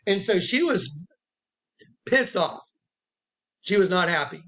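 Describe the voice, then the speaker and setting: A man's voice: high voice, big pitch swings, slow, a bit bright. A man telling a rambling, emphatic personal testimony to camera, repeating himself and acting out what others said. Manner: emphatic, repeats himself, acts out quotes in a raised voice. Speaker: self-styled prophet recounting a dispute.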